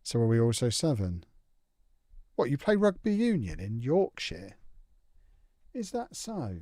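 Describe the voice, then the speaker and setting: A man's voice: medium pitch, big pitch swings, normal speed, mellow, no room sound. Teasing young male game streamer, dry sound. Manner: playful, teasing banter reading out chat. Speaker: live-stream host. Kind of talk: casual live-stream chat while gaming.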